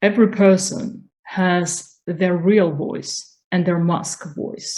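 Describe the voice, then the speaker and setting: A woman coaching on spiritual growth, speaking slowly and calmly. Her voice sits a little low, and she explains each point patiently and deliberately. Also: poor audio. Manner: slow, calm, explanatory. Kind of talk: instructional talk on voice.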